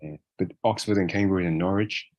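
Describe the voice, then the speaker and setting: Deep-voiced and fairly quick, this African man is a guest responding casually to an interviewer, frequently tacking a question onto the end of his phrases. The audio has no echo but sounds muffled.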